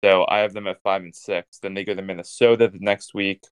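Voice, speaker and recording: A man's voice: low-pitched, flat delivery, fairly quick, clean tone, no room sound. A man co-hosting a casual sports podcast, giving blunt, decisive predictions. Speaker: podcast co-host.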